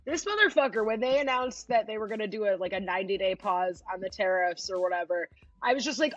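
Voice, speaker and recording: Exasperated, husky ranting woman. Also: medium pitch, animated, fast, fairly bright tone, no room sound, highs cut off. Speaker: podcast co-host. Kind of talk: casual comedic commentary.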